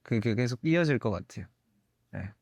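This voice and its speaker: A young man, a singer, giving candid interview answers in a thoughtful, halting way with soft laughs. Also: mid-range voice, lively intonation, dry recording, studio quality.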